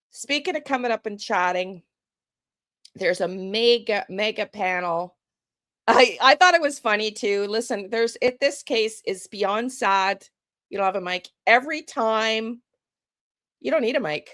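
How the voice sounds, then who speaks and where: A woman's voice: mid-range voice, a bit bright, no room sound. A woman hosting a true crime livestream, chatting casually with viewers, greeting them by name and laughing often.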